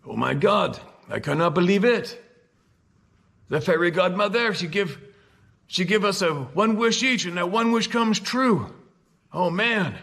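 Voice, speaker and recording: A man's voice: high-pitched, animated, measured pace, vocal fry, a bit bright, voice pushed up, heavily acted. A man putting on the voice of a bewildered, lonely French castaway who speaks broken English.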